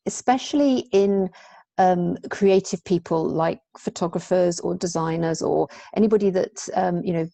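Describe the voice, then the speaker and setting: A woman's voice: on the low side, gravelly, warm tone, dry recording. A woman hosting a casual interview over a video call, chatty and rambling with many restarts.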